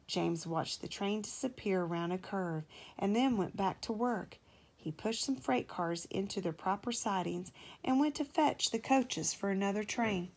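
A woman, a mother, reading a children's storybook aloud to her child in a gentle, measured way. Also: mid-range voice, animated.

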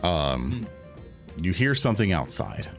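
A man's voice: low voice, big pitch swings, unhurried, soft background music. A man narrating a tabletop game as game master, rambling and often laughing.

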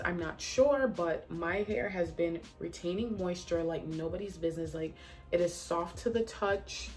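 Chatty woman vlogger, lowish voice. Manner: chatty, animated, heavy use of "like". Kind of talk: casual storytelling vlog.

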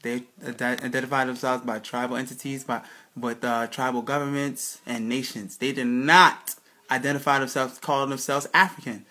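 A man gives a casual lecture over slides, emphatic and packed with rhetorical questions, often restarting sentences and checking in with "right, people?" His mid-range voice has fairly even intonation, a moderate pace, and a bright, forceful tone.

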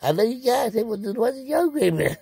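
A man's voice: very high voice, big pitch swings, moderate pace, gravelly, mellow, breathy edge, dry recording. A man vlogging in a crude, joking monologue, laughing often and out of breath. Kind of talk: rambling comic monologue.

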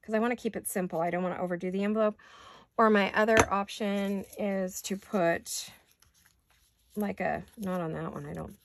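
With a steady, medium-pitched voice at a moderate pace, a woman talks through her home crafting project over slight background noise. She is chatty, addresses herself while working, and has the hiccups.

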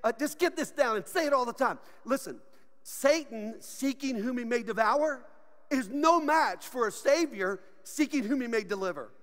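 Very high-voiced, lively pastor preaching. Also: male voice, normal speed, in a large hall. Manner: animated and joking, laughs often. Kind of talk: sermon. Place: church sanctuary.

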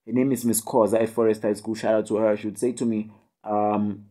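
A man's voice: on the low side, flat delivery, brisk, mellow. A young man with a South African accent, giving a casual video tutorial on poetry with many fillers and tag questions, joking and scolding his students. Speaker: online tutor.

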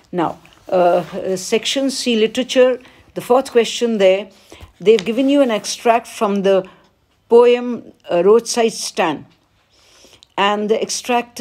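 A woman, teaching as she works through an exam paper, reading each question aloud and then explaining the answer with pauses. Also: medium pitch, a little mellow. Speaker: English teacher. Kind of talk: exam paper walkthrough lesson.

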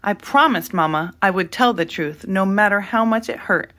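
A woman's voice: mid-range voice, moderate pace, a bit bright, natural voice. Woman doing a little girl, earnest, pleading, candid, storybook read-aloud.

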